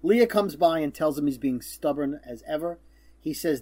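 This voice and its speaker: A man's voice: a little high, lively intonation, moderate pace. A man co-hosting a casual podcast, recapping a TV episode in a chatty way and acting out lines. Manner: chatty, acts out quotes with loud bursts. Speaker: podcast co-host.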